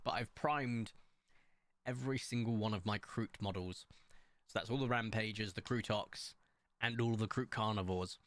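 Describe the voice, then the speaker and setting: A man chatting casually to viewers while streaming, excitable and rambling, with sudden jumps up in pitch. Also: moderate pace, no room sound. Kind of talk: casual live-stream chat.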